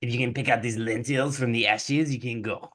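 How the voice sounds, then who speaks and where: A man's voice: mid-range voice, fairly even intonation, brisk, fairly bright tone, close to an everyday voice. A man doing a cold French stepmother. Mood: scolding. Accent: put-on French. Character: stern scolding stepmother, woman, French.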